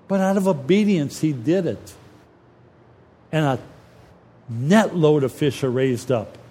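A man preaching a sermon, retelling scripture in a lively, colloquial storytelling way. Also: a little high, a little slow, pauses often.

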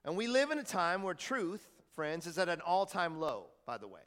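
A pastor preaching a sermon in a church, talking conversationally and asking the congregation questions. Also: male voice, high voice, wildly swooping pitch, moderate pace, fairly bright tone, in a large hall. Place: church hall.

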